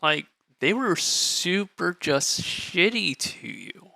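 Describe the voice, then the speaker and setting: A man's voice: high-pitched, very animated, takes it slowly, creaky, sharp tone, no echo. A male streamer reading a dating game aloud in a candid, joking way.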